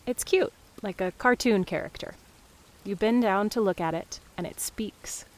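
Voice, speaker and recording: A woman narrating in second person, calm and measured, telling a dreamlike story. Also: medium pitch.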